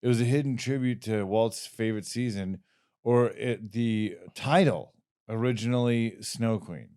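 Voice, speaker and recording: Mellow laid-back man reading trivia. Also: medium pitch, unhurried, smooth, no room sound, clean studio sound. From Southern California. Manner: laid-back, says "dude" a lot. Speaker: comedy podcast co-host reading trivia questions. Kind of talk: casual banter, reading quiz options.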